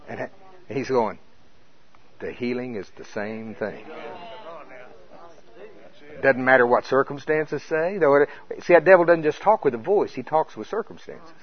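An older man preaching a sermon in an animated way, breaking into high, laughing exclamations. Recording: dull lo-fi sound.

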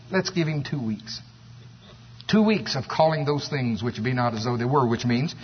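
Male preacher, husky voice, fairly high, echoey hall, dull muffled sound. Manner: animated, storytelling, exclamatory. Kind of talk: sermon.

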